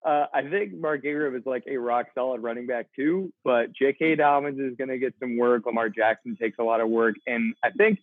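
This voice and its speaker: Male co-host dialed in over a phone-like line, blunt, mid pitch. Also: steady tone, brisk, hardly any pauses, no echo. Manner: blunt, opinionated. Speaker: podcast co-host. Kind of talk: casual fantasy football chat. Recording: tinny phone-like remote line.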